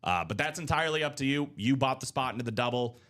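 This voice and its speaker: A man's voice: medium pitch, fast, a bit bright. A man hosting a live card break stream, chatting casually and joking in rambling banter.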